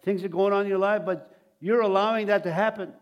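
Preaching briskly, this man has a high-pitched voice with fairly even intonation. His sermon retells stories from scripture with the quotes acted out, and it's full of rambling restarts.

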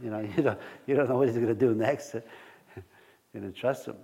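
Speaking at a brisk clip in a gravelly, medium-pitched voice with a breathy edge, this pastor preaches in church. His sermon is full of lively everyday stories from his own life, frequent chuckles, and questions aimed at the congregation.

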